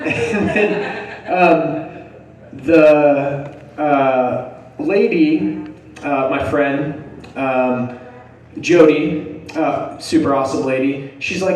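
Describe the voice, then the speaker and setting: A man's voice: a little high, slow, darkish tone, very echoey, distant mic, slight background noise, low-quality recording. A man telling a comic story on stage, hyper and laughing, acting out the people in it. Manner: hyper, laughing, acts out quotes. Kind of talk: storytelling stand-up.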